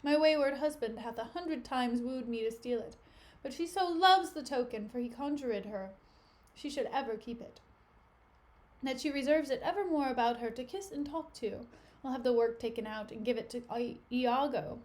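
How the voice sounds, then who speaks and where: A woman's voice: high voice, normal speed, a little mellow, natural voice. Lady's maid read out plainly in verse, by a woman. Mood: musing.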